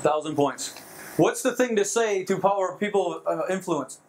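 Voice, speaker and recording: High-voiced excitable male seminar trainer. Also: moderate pace, background noise. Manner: excitable, laughs at his own jokes. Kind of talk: motivational seminar talk. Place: seminar room before a live audience.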